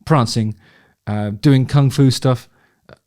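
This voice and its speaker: A man's voice: mid-range voice, takes it slowly, darkish tone. A man giving casual, opinionated commentary while reacting to concert footage, swearing freely and restarting his sentences. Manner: chatty, swears freely, frequent restarts, laughs along.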